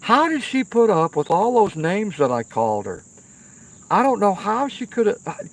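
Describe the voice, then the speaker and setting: Gravelly middle-aged man telling stories by the fire. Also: high-pitched, sing-song, moderate pace. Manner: rambling, profane, keeps checking in with "okay?". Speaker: livestream host. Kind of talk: casual storytelling. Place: outdoors by a fire pit at night.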